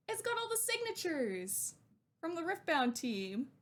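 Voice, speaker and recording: A young woman streamer chatting excitedly while unboxing, gushing and talkative. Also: high-pitched, a little slow.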